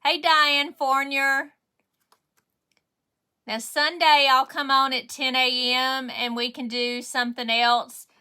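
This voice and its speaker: Chatty Southern woman with a bright voice. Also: sits high, flat delivery, slow, clean tone. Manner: chatty, greets viewers by name, friendly drawl. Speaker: craft livestream host. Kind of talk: casual livestream chat to viewers.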